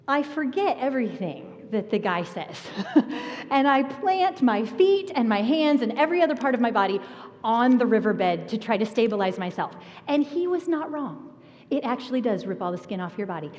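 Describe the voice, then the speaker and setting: A woman pastor preaching a sermon, telling a personal story with animated energy and laughter. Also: fairly high pitch, moderate pace. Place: church sanctuary. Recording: long reverb of a church hall.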